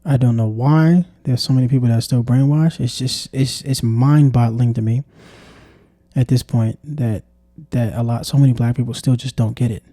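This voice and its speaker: Exasperated man, dark dry voice. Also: medium pitch, fairly even intonation, normal speed, no room sound. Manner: exasperated, repeats "come on, man". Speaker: vlogger. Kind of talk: casual political commentary monologue.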